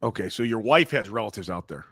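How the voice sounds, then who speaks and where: A man on a podcast prodding his co-host with quick questions and short reactions. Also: lowish voice, animated, fairly bright tone, slightly rough, no echo, clean studio sound. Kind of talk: casual podcast chat.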